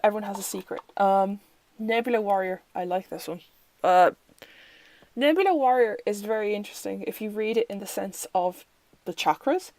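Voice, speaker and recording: A woman's voice: mid-range voice, normal speed, a little mellow, dry recording, poor audio. Chatty Irish woman, dry close sound. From Ireland. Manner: chatty, rambling, fillers and self-corrections. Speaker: tarot deck reviewer. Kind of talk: casual deck review.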